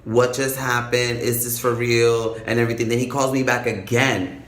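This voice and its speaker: A man vlogging straight to camera, animated and profane as he tells his story. His voice sits at a middle pitch, and the room gives it a noticeable echo. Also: moderate pace. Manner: animated, profane, dramatic retelling. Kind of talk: casual storytelling vlog.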